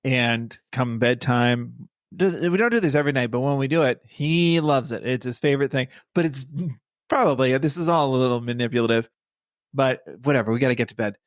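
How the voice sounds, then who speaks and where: A man's voice: medium pitch, brisk, no room sound, clean studio sound. A man guesting on a podcast, a comedian telling wry stories in casual chat. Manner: wry, storytelling.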